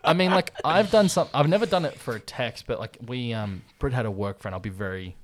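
A man's voice: medium pitch, brisk. A young man with an Australian accent, chatting crudely and laughing as a podcast co-host. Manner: crude, laughing, animated storyteller. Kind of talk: casual chat.

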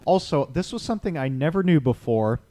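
A man's voice: fairly high pitch, lively intonation, fairly quick, mellow. A man in a casual film chat with friends, dry and dismissive of the movie. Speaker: podcast co-host.

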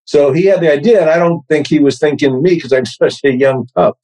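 A man's voice: a little high, a little fast, a little mellow, rough recording. A man in his sixties with a New York accent, a podcast guest telling wry, self-deprecating stories. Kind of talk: casual interview chat.

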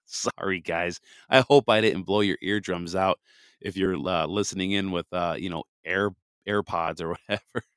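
Deep raspy man hosting a podcast. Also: fairly even intonation, normal speed, a bit bright, no echo, studio quality. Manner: fervent, folksy, laughs often. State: hoarse from illness. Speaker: podcast host. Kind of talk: casual podcast talk with prayer. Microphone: headphones and studio mic.

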